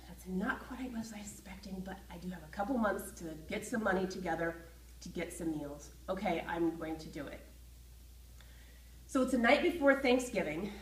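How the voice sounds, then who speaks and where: Woman telling a personal story, roomy echo. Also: medium pitch. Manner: lively, acts out her own feelings. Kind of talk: personal story told to camera. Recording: roomy echo, voice from a distance from the mic.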